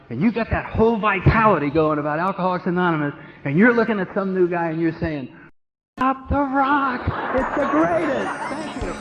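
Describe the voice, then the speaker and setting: A man speaking at a recovery meeting, telling a humorous, animated story, recorded on old tape in a hall. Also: sits high. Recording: dull 1970s tape in long-echo hall.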